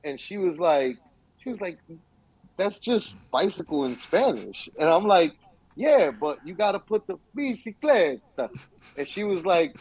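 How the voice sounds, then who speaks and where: A young man co-hosting a podcast in casual chat, telling stories with lively acted-out quotes. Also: sits high, moderate pace, breathy edge, poor audio. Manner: animated storytelling, acts out quotes. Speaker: podcast co-host.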